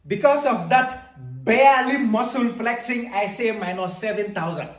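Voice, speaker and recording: A reaction commentator making mocking, deadpan jokes with slang about clips. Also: medium pitch, moderate pace, echoey room, recorded from a distance, faint music behind.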